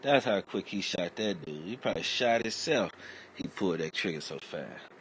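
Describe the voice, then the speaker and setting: Man, very low voice, casual livestream chat, profane rambling stories. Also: expressive, moderate pace, slight background noise, low-quality recording. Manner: acts out quoted voices loudly. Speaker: livestream host.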